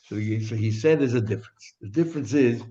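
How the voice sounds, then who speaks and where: A man's voice: mid-range voice, quick pace, mellow, lo-fi sound. A male rabbi giving a daily Talmud lesson, explaining step by step and asking and answering his own questions.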